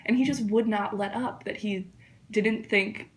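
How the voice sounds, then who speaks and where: A woman in her twenties, a neuroscience student, casually recounting a personal story in an interview. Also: medium pitch. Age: 20s. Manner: quick, lively, casual storytelling with many "like"s.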